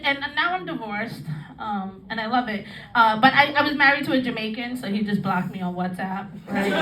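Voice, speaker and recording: A woman in her thirties doing a bawdy stand-up comedy set on a club stage, often laughing through her own jokes. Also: a little high. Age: 30s. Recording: roomy club sound from a distant mic with crowd. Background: audience laughing and clapping.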